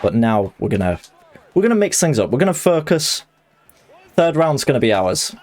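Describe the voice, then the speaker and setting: A man chatting excitably and jokily while streaming a fighting game live. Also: mid-range voice, moderate pace. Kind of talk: live gaming commentary.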